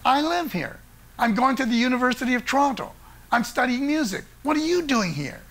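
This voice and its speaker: A brisk young man rushing off to class, as a storyteller puts him on. He talks quickly and offhandedly in a high, bright voice. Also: lively intonation, vocal fry, full character voice. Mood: casual. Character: young male music student, brisk and hurried.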